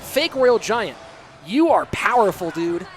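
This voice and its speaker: A man casting a live esports match, calling plays excitedly while chatting with viewers. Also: high-pitched, slow pace, a faint crowd, slight background noise. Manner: excitable play-by-play with hype bursts. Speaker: esports caster. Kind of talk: live game commentary mixed with chat replies. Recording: game music clearly behind.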